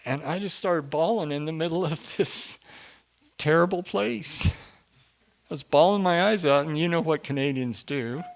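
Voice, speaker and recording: Man, middle-aged, storyteller, animated, laughs often, slightly high voice. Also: moderate pace. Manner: animated, laughs often, swings from hushed to loud. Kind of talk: personal storytelling talk.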